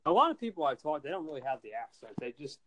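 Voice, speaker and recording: An internet radio host from New Jersey rambles casually from home during a New Jersey winter, full of restarts and fillers. His voice is on the high side, very animated, fast and sharp in tone. A little hiss or hum sits in the recording.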